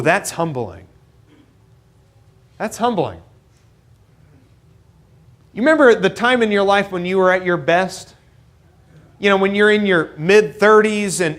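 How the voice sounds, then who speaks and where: A man's voice: high-pitched, a bit bright. A young man preaching a sermon in a church, earnest and building to emphatic points, with self-deprecating asides.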